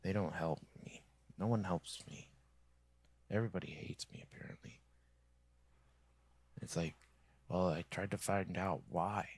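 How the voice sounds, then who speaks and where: A male streamer rants in a rambling, resentful monologue, his voice low and gravelly. He often slips into a husky whisper, close to the mic in a dry room. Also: steady tone, unhurried, pauses often, no echo. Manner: bitter, complaining, often drops to a whisper.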